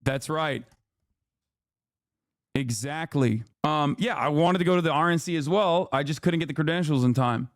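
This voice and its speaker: Male streamer, ranting and swearing, higher voice, dry close sound. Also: normal speed, no echo. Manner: ranting, profane, mocking. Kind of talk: casual stream commentary.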